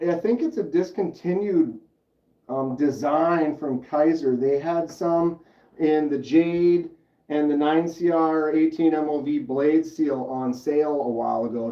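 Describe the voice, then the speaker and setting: A man's voice: fairly high pitch, distant mic, highs cut off. Chatty man demoing in a roomy space. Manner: chatty, explains steps and reads chat aloud. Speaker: livestream host. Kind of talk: casual livestream demonstration.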